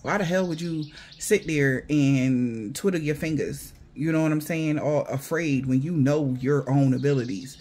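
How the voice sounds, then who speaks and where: Brief: man, somewhat higher voice, blunt and profane spiritual reader, mocks the people he talks about. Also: moderate pace, hardly any pauses, darkish tone. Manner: blunt, profane, mocking, slangy. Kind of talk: casual intuitive reading to viewers.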